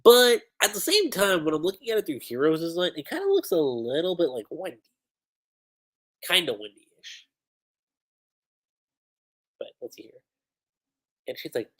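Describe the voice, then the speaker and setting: A man giving casual, excitable commentary on a manga chapter during a livestream. He talks with lots of "like" fillers. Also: mid-range voice. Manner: excitable, animated, full of "like" fillers, breaks into laughter.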